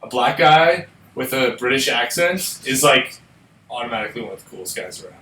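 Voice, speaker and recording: A man's voice: mid-range voice, expressive, fairly quick, sharp tone. A man joking around in a casual chat among friends. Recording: echoey room, off-mic, faint noise.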